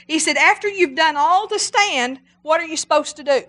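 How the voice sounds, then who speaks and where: A middle-aged woman preaching a sermon, animated and emphatic, repeating her exhortations. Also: extremely high pitch, normal speed, hardly any pauses.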